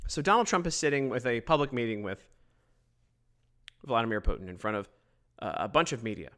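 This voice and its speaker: A man giving opinionated solo political commentary, emphatic and quick to mock others. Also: mid-range voice. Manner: emphatic, animated, mocking quoted voices.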